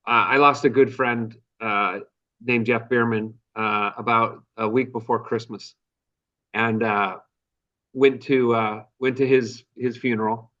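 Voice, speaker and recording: An earnest man tells an anecdote as a guest in a podcast interview. His voice sits at an ordinary middle pitch. The sound is slightly muffled. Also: fairly even intonation, measured pace, fairly bright tone, distant mic. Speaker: author guest. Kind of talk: conversational storytelling.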